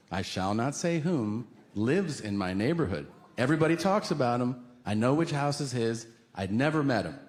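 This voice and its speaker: A man doing animated, profane stand-up comedy storytelling with deadpan asides on a stage before a live audience. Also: medium pitch.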